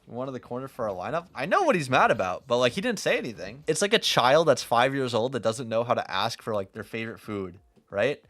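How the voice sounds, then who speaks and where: A man's voice: mid-range voice, sing-song, brisk, a bit bright. A young man giving blunt, profane, teasing critique as he coaches a player over a live stream. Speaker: game coach.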